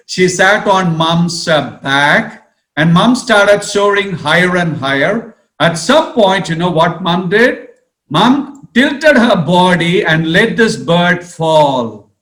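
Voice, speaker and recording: A man, a priest, telling a story in a sermon with animated delivery, often checking in with his listeners. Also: high-pitched, takes it slowly, echoey room.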